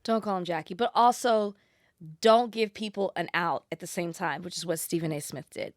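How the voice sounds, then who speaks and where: A woman's voice: lowish voice, moderate pace, no echo. Woman co-host in a dry studio. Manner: agreeing, short interjections. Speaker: podcast co-host. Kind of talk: casual studio chat. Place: podcast studio.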